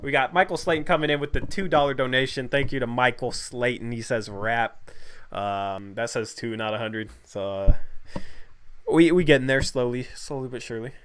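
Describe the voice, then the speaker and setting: A man's voice: mid-range voice, moderate pace, a bit bright, a little hiss or hum. A young man hosting a casual livestream, joking in slangy, laid-back talk and thanking viewers for donations. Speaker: host.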